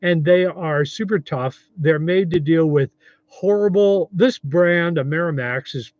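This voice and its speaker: A man's voice: on the high side, a little slow, darkish tone, no echo, highs cut off. A 70-year-old man hosting a casual livestream, rambling in a friendly way and reading viewer comments aloud. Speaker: livestream host.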